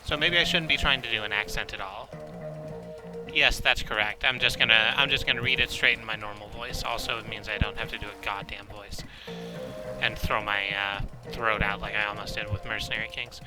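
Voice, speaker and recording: Loud car radio music from the game fills the background as this streamer rambles through his gameplay, cracking self-deprecating jokes. He speaks briskly in a lowish, steady voice, and the recording is rough.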